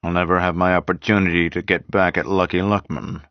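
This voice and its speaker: A man's voice: sits low, level tone, brisk, no echo, natural voice. A man voicing a harsh, bitter man with a grudge in an audiobook reading, with an indignant manner. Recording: dull dry lo-fi sound.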